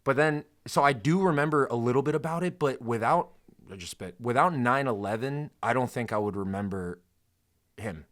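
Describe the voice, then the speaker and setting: A man's voice: medium pitch, lively intonation, a bit bright. A man in his twenties hosting a podcast, swearing freely and drifting off on tangents. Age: 20s. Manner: fast, profane, goes off on tangents. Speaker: podcast host. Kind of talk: casual podcast chat.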